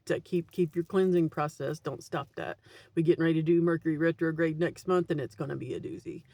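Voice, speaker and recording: A woman's voice: low-pitched, fairly even intonation, a little fast, a little mellow, no room sound. A woman vlogger giving casual spiritual advice to camera in a blunt, swearing way, often tagging "right?" onto her sentences. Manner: blunt, swears freely, keeps adding "right?".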